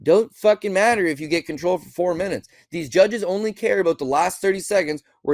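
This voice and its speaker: A man's voice: sits high, a little fast, few pauses, no room sound. A man hosting a podcast, recapping fights in a blunt, exasperated rant full of rhetorical questions and swearing. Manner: rhetorical questions, mimics people mid-rant. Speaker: podcast host. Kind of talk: solo fight recap commentary.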